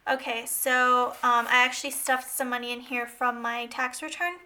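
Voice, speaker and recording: A woman's voice: a little high, little pitch movement, moderate pace, bright, forceful tone. A woman vlogger chatting casually and a bit scatter-brained while she counts cash into budget envelopes.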